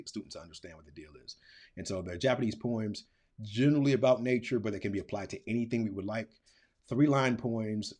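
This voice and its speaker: A man's voice: lowish voice, darkish tone, breathy edge. A middle-aged man teaching, walking through a lesson in a casual, thinking-aloud way, with filler words and slang. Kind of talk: screen-recorded classroom tutorial.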